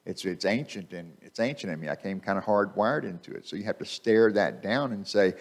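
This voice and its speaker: A man's voice: fairly low pitch, fairly quick, hardly any pauses. Man preaching conversationally. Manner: conversational, repeats phrases for emphasis. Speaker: guest speaker. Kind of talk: sermon. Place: church sanctuary. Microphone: microphone.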